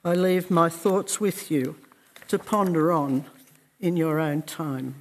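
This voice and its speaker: A man preaching a sermon in a slow, earnest and reflective way, with measured pauses. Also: fairly high pitch, steady tone, long reverb tail.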